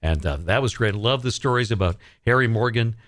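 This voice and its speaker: A man's voice: lowish voice, expressive, brisk, a bit bright, no echo. Male radio host, dry close studio sound, upbeat and appreciative. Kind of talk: radio interview and chat.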